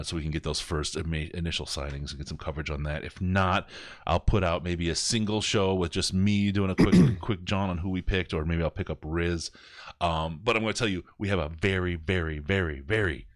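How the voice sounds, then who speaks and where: A man's voice: deep voice, dry recording, studio quality. A man hosting a live sports podcast, running through upcoming dates and plugs in a loose, joking, rambling way with plenty of fillers. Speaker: podcast host.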